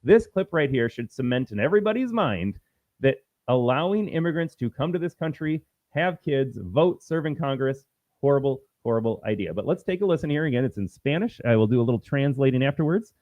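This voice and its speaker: A man's voice: medium pitch, lively intonation, brisk, no room sound, lo-fi sound. A man hosting a political commentary livestream, talking in an emphatic, combative and repetitive way. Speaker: host.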